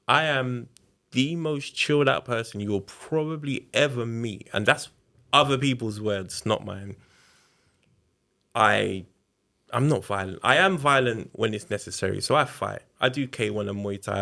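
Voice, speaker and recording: Gravelly low-voiced man. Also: a little slow, pushed and bright. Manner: candid, conversational, re-enacts quotes. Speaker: podcast guest. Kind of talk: casual storytelling interview.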